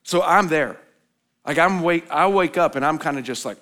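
A man preaching a sermon as pastor, telling a personal story in a conversational way, rising to emphatic points and dropping soft and low for reflection. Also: normal speed. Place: church hall.

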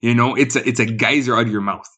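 A man's voice: medium pitch, fairly even intonation, fast talker, bright, forceful tone, slightly rough. A man co-hosting a film podcast, chatting casually and animatedly, chuckling as he quotes scenes. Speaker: podcast co-host. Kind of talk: casual movie review chat.

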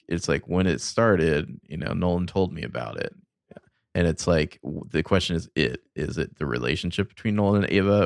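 A laid-back man co-hosts a podcast, taking his time with frequent uhs and a dry sense of humor. His voice is very low with a gravelly fry, and the sound is close and dry. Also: no room sound. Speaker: podcast co-host. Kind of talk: casual chat.

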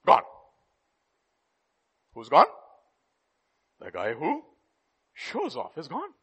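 A man preaching a sermon, telling a children's story in a playful, animated way and laughing as he goes. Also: fairly high pitch, very slow, slightly rough.

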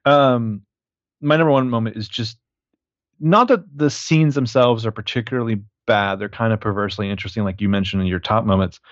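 Low-voiced man, dull lo-fi recording. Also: steady tone, no room sound. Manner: conversational, halting, frequent fillers. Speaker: podcast co-host. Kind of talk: casual film review chat.

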